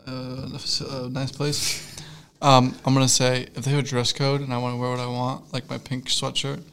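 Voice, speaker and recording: Young man, co-host, casual comedic chat, giggly, rambling, mid-pitched. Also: monotone, normal speed, fairly bright tone, slight background noise. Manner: giggly, rambling, trails off into mumbles. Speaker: podcast co-host.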